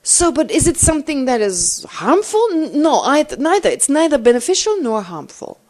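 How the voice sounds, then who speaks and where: A middle-aged woman, a Buddhist teacher, answering questions in a teaching, thinking aloud with animated restarts. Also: high voice, normal speed.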